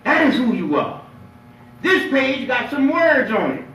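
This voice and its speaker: High-voiced preaching man in an echoey hall. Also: measured pace. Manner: lively call-and-response preaching, playful and emphatic. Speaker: imam. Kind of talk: Friday sermon. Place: mosque prayer hall. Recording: echoey hall, picked up from far off.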